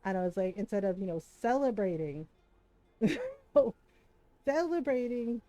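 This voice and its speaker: Animated, swearing woman streamer, higher voice. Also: takes it slowly, no echo. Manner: animated storytelling, swears freely, laughs often. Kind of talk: casual chat while streaming a game.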